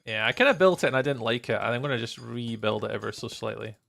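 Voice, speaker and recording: A man's voice: mid-range voice, fast, creaky, a bit bright, a little hiss or hum. A Scottish man chatting casually with viewers on a live stream while he builds in a game, greeting people by name and laughing often. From Scotland.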